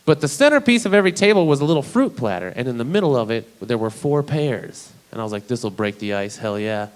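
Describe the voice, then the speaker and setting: Profane deadpan stand-up comedian, young man. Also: mid-range voice, fast. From Idaho. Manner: casual, profane, deadpan storytelling. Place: small comedy venue, live.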